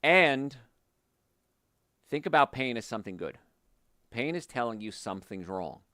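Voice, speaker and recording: A man's voice: mid-range voice, a little slow, dry recording, studio quality. A man hosting a health show, giving an emphatic, motivational talk straight to his listeners. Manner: emphatic, animated, speaks directly to listeners.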